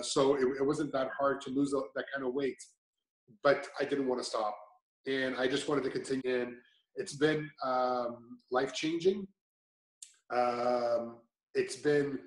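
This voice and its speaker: A man's voice: medium pitch, roomy sound, rough recording. A man giving a casual testimonial about his progress, talking in a rambling way with many restarts and fillers.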